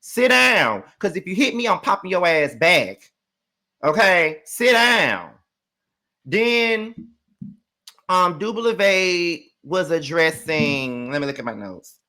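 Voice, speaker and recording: A man hosting a casual reality show recap, ranting in an animated, profane and sassy way. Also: sits high, takes it slowly. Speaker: host.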